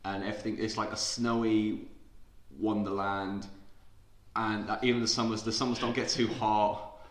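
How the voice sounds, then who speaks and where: A man's voice: fairly low pitch, flat delivery, moderate pace. A young man in casual podcast chat, with a blunt, sardonic way of talking. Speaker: podcast co-host. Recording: echoey room.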